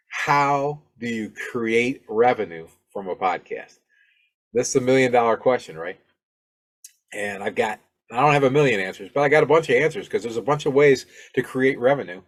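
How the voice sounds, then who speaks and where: A middle-aged man from Alabama hosting his own podcast, talking casually and rambling, with many fillers and restarts. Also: medium pitch. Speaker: podcast host. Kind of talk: casual solo podcast talk.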